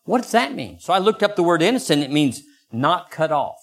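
An older man preaching a sermon as pastor, acting out quoted voices in lively bursts. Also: brisk, few pauses. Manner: animated, acts out voices with sudden high pitch jumps.

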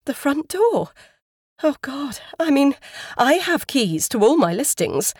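A woman voicing a high-strung female estate agent who talks in shrill, rising questions. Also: expressive, moderate pace, dry recording, studio quality, natural voice. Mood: shocked, panicky.

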